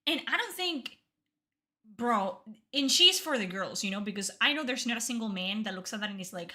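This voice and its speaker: A woman's voice: mid-range voice, expressive, moderate pace, bright, forceful tone. A young woman streaming a game reaction, talking bluntly and emphatically with heavy swearing.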